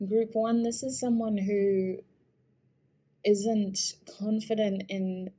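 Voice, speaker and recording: A woman giving an intuitive tarot reading, soft-spoken, earnest and emotional, often hesitant and restarting her sentences. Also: mid-range voice, little pitch movement, slow pace. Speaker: tarot reader.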